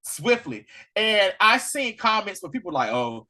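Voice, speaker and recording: Animated man retelling a story. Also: high voice, a little fast, hardly any pauses, breathy edge. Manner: animated storytelling, acting out characters' lines in slangy asides. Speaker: podcast co-host reviewing a series. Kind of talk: casual chat.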